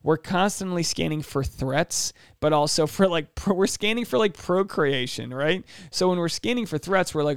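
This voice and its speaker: A man's voice: lively intonation, moderate pace, few pauses, smooth, dry recording, studio quality. A man hosting a solo podcast, talking casually and animatedly, with joking asides and acted-out quotes. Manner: acts out quoted voices with big pitch jumps. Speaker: podcast host.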